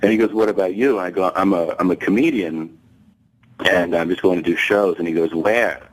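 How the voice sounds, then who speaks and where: Low-voiced and brisk, a male guest comedian relates a profane anecdote on a talk show, bringing the dialogue to life and breaking into laughter partway through. The recording quality is low.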